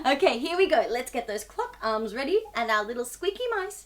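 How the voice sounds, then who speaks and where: A bright, high-pitched young woman hosting a kids' storytime. Her voice swoops up and down with bubbly, sing-song energy, and she chats to the little ones as though they reply. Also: very animated, normal speed. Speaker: children's storytime host. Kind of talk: children's storytime reading.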